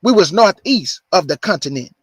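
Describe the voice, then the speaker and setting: Guy with a high voice preaching hard, dry close sound. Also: sing-song, husky, dry recording. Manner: emphatic, repeats points slowly for stress. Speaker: show host. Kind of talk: preaching monologue.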